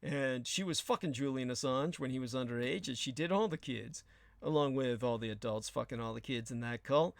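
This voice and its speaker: A man's voice: mid-range voice, a little fast, gravelly, no room sound. A man hosting a show, delivering an emphatic, sardonic political commentary monologue with crude asides. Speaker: show host.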